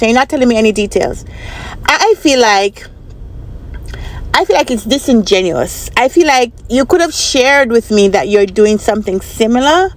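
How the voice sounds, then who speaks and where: A woman's voice: fairly high pitch, expressive, fairly quick. A woman vlogger telling a personal story in a casual, chatty way, often repeating herself and asking the viewer what they think. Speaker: vlogger and business analyst trainer.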